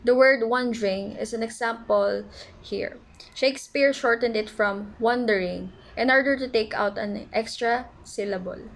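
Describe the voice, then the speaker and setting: A woman's voice: fairly high pitch, unhurried, poor audio. A woman reading out a class report on poetic sound devices from notes, with small stumbles. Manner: reads definitions aloud from notes, small stumbles. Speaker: student presenter.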